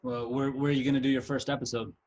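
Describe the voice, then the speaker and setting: A man hosting a relaxed podcast interview, asking questions in an easygoing, encouraging way. He speaks in a level, flat tone with little rise and fall. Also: mid-range voice, fast, dull audio. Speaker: podcast host.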